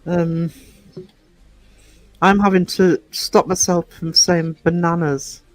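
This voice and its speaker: A man's voice: sits high, flat delivery, slow pace, no echo, soft background music, low-quality recording. A man with a northern English accent hosting a livestream, chatting playfully and laughing often. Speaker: livestream host. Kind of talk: casual chat.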